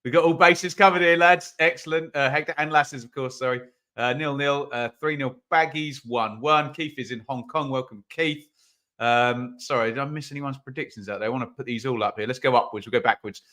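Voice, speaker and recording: Bright-voiced male streamer hosting a football watch-along; loose, chatty, talks straight to his chat. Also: mid-range voice, fairly even intonation, a little fast. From England. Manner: chatty, reads out viewer comments, bursts into loud calls. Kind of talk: live stream chat and commentary. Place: home office.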